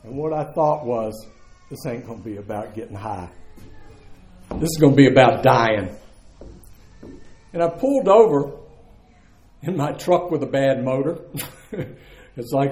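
A man's voice: mid-range voice, animated, normal speed, long pauses, darkish tone, roomy sound. Candid man telling his story. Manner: candid, conversational, earthy, laughs through the story. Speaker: speaker sharing his story at a recovery meeting. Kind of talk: personal testimony to a live audience.

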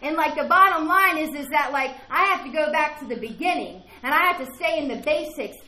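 A woman shares her recovery story at a meeting in a very high, bright voice. She talks in a rambling, earnest way and keeps asking the room "right?". The sound is roomy, as if caught in an echoey meeting hall. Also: lively intonation, a little fast.

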